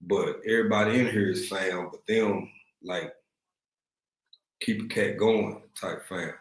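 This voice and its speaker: A man from East Texas with a Texan accent, his voice sitting low as he hosts a relaxed livestream. He talks slangy and easygoing, greeting viewers in the chat. The sound carries the echo of the room he's in. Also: a little slow. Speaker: livestream host. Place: room at home, in Africa.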